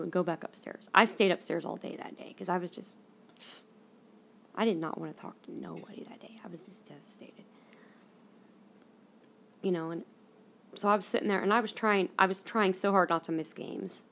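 A woman's voice: on the low side, gravelly, fairly bright tone. A young woman hosting her own podcast, telling a personal story in a rambling, casual way with lots of fillers. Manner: rambling, frequent fillers and restarts. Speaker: podcast host.

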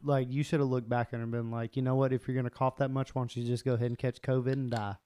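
A man's voice: medium pitch, level tone, very fast, mellow, smooth, dry recording. A man co-hosting a podcast, reacting with teasing jokes and dry asides. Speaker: podcast co-host. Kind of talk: casual chat.

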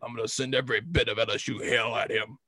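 A man doing an impression of a boastful, trash-talking college football coach, with a deep gravelly drawl. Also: steady tone, fast, pushed and bright, no room sound. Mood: cocky trash talk.

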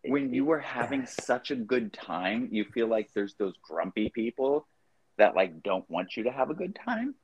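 A man's voice: medium pitch, big pitch swings, normal speed, a little mellow, husky, dull audio. A man co-hosting a podcast, chatting casually and telling loose, profane stories with lots of fillers. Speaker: podcast co-host. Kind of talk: casual chat.

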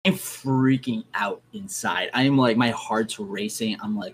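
Young man telling ghost stories, low voice. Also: unhurried, slight background noise, low-quality recording. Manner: animated storyteller, acts out his own reactions. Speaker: guest. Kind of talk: casual ghost story telling.

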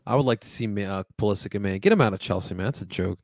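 Animated sports-show host man, dry sound. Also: lowish voice, racing, no echo. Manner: loose, animated, slangy. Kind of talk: casual sports chat.

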